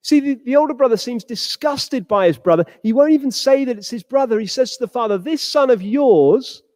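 Male preacher with a high voice giving a sermon, dry close sound, acts out the people in his story. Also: quick pace, darkish tone, dry recording, big-room sound. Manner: acts out quoted characters with rising pitch.

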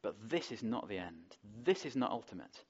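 A man delivers a sermon in an easy, talking-it-through manner, full of rhetorical questions. His voice sits fairly low. The recording sounds muffled and lo-fi. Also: big pitch swings, moderate pace, slightly rough. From England. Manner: conversational, asks the congregation rhetorical questions. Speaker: preacher.

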